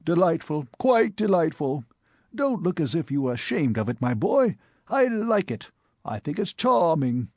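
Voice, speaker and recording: Here the narrator puts on an exaggerated, sing-song voice for the uncle: a fussy, pompous old titled gentleman, genial and pleased with himself, delighting in other people's affairs. His delivery climbs high and swoops with hearty stress at an unhurried pace, recorded close and dry without any echo.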